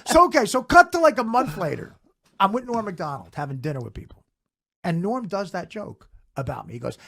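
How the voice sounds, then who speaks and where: A man telling a comedy anecdote in an animated way, swearing and acting out the people in the story. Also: sits high, a little fast, vocal fry. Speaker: comedian guest. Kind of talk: casual storytelling.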